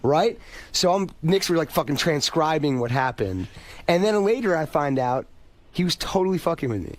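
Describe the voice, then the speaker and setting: Male radio guest with a high voice, tells rambling profane stories with lots of energy. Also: big pitch swings, moderate pace. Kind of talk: casual storytelling. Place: radio studio.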